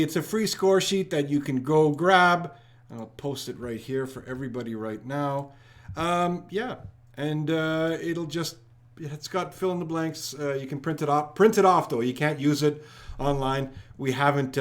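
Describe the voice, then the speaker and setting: A man hosting a live trivia stream, rattling off viewers' locations and shout-outs in an upbeat way. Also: a little high. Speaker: trivia livestream host.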